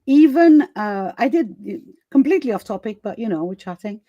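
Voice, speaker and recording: A woman hosts a live summit chat over a video call, chatty and casual, laughing often and full of fillers and restarts. Her voice is a little high, expressive and fairly quick, on a dry, dull-sounding recording.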